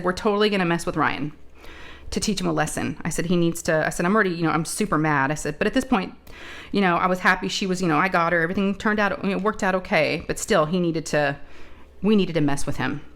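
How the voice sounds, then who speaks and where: A woman's voice: on the low side, quick pace. A woman hosting a crafting channel, telling a family story in casual chat, chatty and full of asides. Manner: chatty, animated retelling with many asides and fillers.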